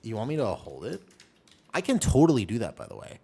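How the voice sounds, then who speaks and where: A man with a low voice chats loosely with his viewers while he streams a game. He tells stories in an animated way, and his pitch swings widely from line to line. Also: a little fast, creaky, breathy edge. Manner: animated storyteller chatting with viewers.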